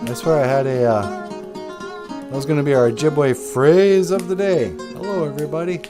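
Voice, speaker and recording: A man's voice: a little high, normal speed. A man hosting a podcast in a laid-back, chuckling manner, fumbling for his words now and then. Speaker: podcast host. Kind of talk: casual podcast chat. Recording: podcast with guitar music behind. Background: guitar music.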